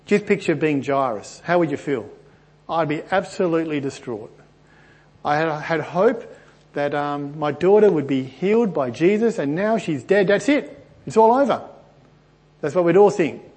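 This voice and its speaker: A man teaching a Bible passage as a pastor, earnest and animated, his voice often lifting as he makes a point, his throat a little stuffy. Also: normal speed, slightly rough. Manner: earnest and animated, often rising in pitch and volume.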